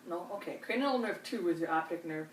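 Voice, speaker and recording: Calm woman walking a patient through an exam. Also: on the low side, fairly quick. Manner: calm, step-by-step instructions with frequent reassurance. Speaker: nurse examiner. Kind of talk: clinical demonstration. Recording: roomy, distant mic, faint hiss.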